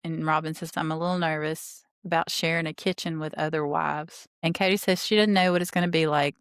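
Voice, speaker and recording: A woman with a fairly low voice talks through a reality show episode in a casual recap. She retells each scene and quotes what people said, then cuts in with blunt, opinionated asides. The sound is dry and close, with no room around her. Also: steady tone, a little fast, clear, resonant tone, no room sound.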